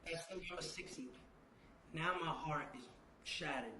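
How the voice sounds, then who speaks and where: A man as an interview guest, telling a personal story emphatically, then sinking into low, confiding murmurs. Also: unhurried, pushed and bright. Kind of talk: candid storytelling in a sit-down interview. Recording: echoey room with audible background noise.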